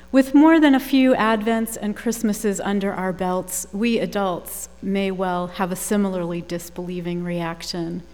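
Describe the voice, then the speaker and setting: A woman pastor leading prayer and giving a measured, thoughtful sermon in a church. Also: mid-range voice, a little mellow. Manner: measured, thoughtful preaching with occasional fillers. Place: church sanctuary. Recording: long reverb of a large church hall.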